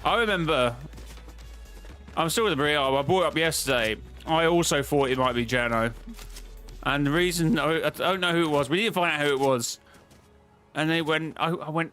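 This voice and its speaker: Faint music sits behind a streamer whose voice is a little high and a bit bright, fairly quick with long pauses. He chats casually about game-lore theories, rambling, answering his chat, and often restarting and correcting himself.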